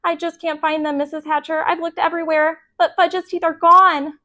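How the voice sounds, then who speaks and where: A whiny young schoolgirl, played by a woman reading a storybook, pleads in a high, thin voice. She sounds put upon and childish. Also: moderate pace, sharp tone, full character voice. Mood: tearful.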